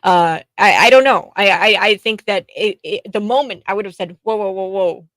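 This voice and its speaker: A woman's voice: mid-range voice, normal speed, a bit bright, no room sound. A woman hosting a talk radio interview, chatty and restarting her sentences often. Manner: chatty, many fillers and restarts. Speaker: radio talk show host.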